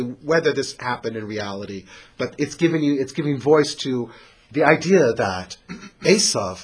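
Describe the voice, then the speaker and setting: Husky, animated male scripture teacher. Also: medium pitch. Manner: dramatic, swings from loud to hushed.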